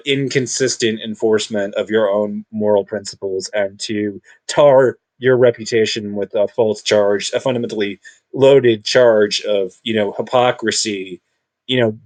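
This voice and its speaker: A man speaking in an unscripted monologue, rambling and halting with many restarts, combative and self-assured. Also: fairly low pitch, a little mellow. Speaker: video commentator.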